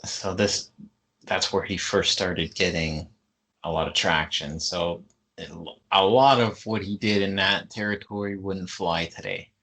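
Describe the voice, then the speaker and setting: A man co-hosting a wrestling podcast, introducing clips in a relaxed, matter-of-fact way. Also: low voice, a little slow. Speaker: podcast co-host. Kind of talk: casual chat.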